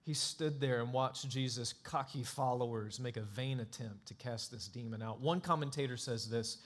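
A male pastor preaching a sermon in an emphatic, dramatic way, swinging between hushed and loud. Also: medium pitch, normal speed, hardly any pauses.

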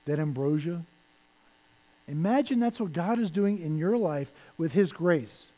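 A male pastor preaching a sermon, animated, with lines that fall to a hush. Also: a little high, measured pace, poor audio. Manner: animated preaching that drops to soft, hushed lines.

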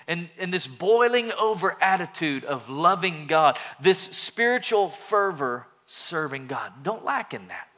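A man preaching a sermon as a pastor, earnest and animated, with many restarts. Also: on the high side.

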